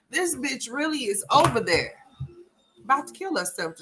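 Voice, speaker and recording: A woman's voice: high-pitched, sing-song, moderate pace, bright, forceful tone, slight background noise. A woman hosting a casual reaction commentary, blunt, profane and teasing, with playful mock outrage. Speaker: commentary channel host.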